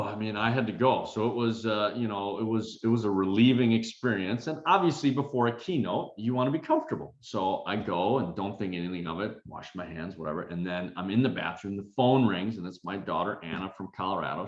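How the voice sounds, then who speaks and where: Lower-voiced male coach telling a story. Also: fairly quick, hardly any pauses. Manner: animated, self-deprecating, with many fillers. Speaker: confidence coach and keynote speaker. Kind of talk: storytelling talk. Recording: roomy, dull recording.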